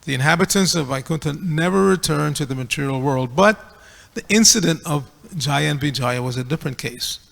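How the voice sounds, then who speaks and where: A man's voice: a little high, a little fast, gravelly, fairly bright tone, big-room sound. A man giving a scripture class, reading aloud and correcting pronunciation in a teacherly way. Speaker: class speaker. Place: temple hall.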